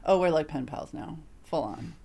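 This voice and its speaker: A woman co-hosting a podcast, telling stories in casual chat, animated and full of fillers. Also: low-pitched, moderate pace, creaky. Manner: animated storytelling, filler-heavy. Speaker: podcast co-host.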